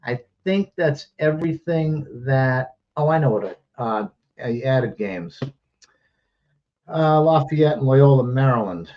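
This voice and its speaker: A man's voice: medium pitch, lively intonation, highs cut off. A man hosting a sports betting show, rattling off picks and lines in casual, profane, jokey chat, a bit out of breath. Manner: rapid-fire, profane, jokey.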